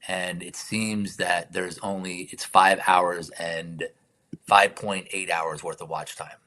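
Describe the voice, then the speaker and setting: Stream host, deep low male voice, casual spiritual talk with quiet whispered prayers, slight background noise. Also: steady tone, slow. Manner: reflective, drifts into soft whispered affirmations.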